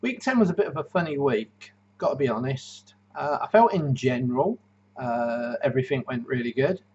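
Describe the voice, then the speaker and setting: A man's voice: mid-range voice, lively intonation, moderate pace, a little mellow, highs cut off. A man, rambling and joking through a casual video diary about his diet, full of ums and uhs. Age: 50s. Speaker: keto diet vlogger.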